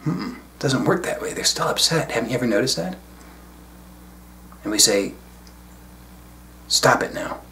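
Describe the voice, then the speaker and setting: A man speaking as a spiritual teacher in a solo video talk, reflective and unhurried with casual asides. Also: mid-range voice, expressive, creaky, pushed and bright, slight background noise.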